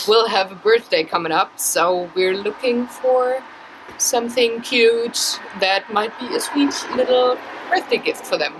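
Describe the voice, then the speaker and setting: A woman's voice: on the high side, unhurried, background noise. A woman vlogging in a casual, chatty way at an outdoor flea market, talking to the camera she holds and laughing easily. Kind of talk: casual chat.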